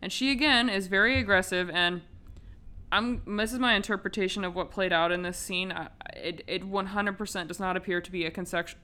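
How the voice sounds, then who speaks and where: A woman's voice: fairly low pitch, sharp tone, clear, resonant tone. A woman hosting a podcast, casually retelling a film's plot with lots of swearing and filler words. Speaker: podcast host. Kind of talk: casual film recap.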